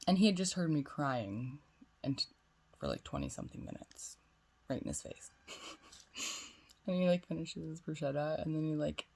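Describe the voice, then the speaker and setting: Low, gravelly young woman telling a story. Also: darkish tone. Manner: chatty, swears freely, quotes others in dialogue. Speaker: spiritual vlogger. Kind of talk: casual storytelling.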